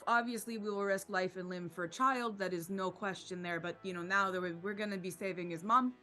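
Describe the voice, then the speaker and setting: A woman's voice: mid-range voice, fairly even intonation, fairly quick, pushed and bright. A woman playing in a tabletop game, speaking in a precise, lawyerly, pedantic way. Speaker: player.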